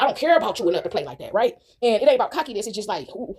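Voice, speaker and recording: A woman's voice: a little high, big pitch swings, rapid-fire, few pauses, a little mellow, breathy edge. A woman vlogging in a casual monologue to her viewers, emphatic and repetitive, who keeps checking in with "right?".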